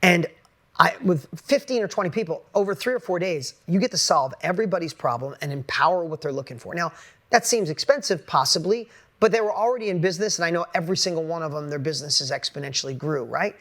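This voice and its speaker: Blunt, energetic male business coach. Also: a little high, fast. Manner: blunt, energetic, casual with swearing. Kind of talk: motivational talk to an audience.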